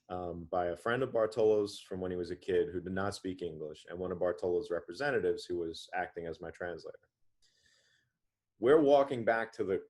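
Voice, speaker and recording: A man in his thirties, an author and interview guest, telling a story animatedly with frequent restarts. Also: low voice.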